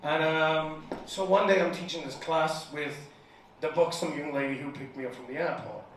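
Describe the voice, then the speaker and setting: A man's voice: on the high side, normal speed. A young man from the United Kingdom performing a crude, self-mocking stand-up comedy set in a bar, often laughing through his punchlines. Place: comedy bar with a live audience. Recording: echoey room, mic heard from a distance. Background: room ambience and audience noise.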